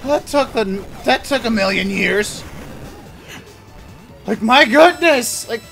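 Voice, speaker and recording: A young man giving exasperated gameplay commentary and yelling at the game. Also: very high voice, expressive, slow, creaky, faint music behind. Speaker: gaming channel host.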